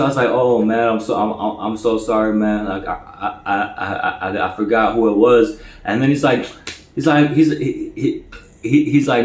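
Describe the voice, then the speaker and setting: A man's voice: steady tone, moderate pace. A man casually telling a personal story, stammering and repeating words often. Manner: stammers and repeats words, acts out quoted voices higher and louder. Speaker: storyteller recounting his past. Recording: echoey room.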